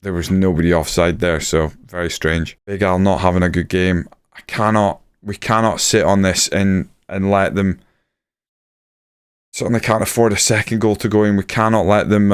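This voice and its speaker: A man giving casual play-by-play commentary over a football management video game, muttering asides and getting excited at chances. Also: deep voice, normal speed, smooth. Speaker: gaming YouTuber.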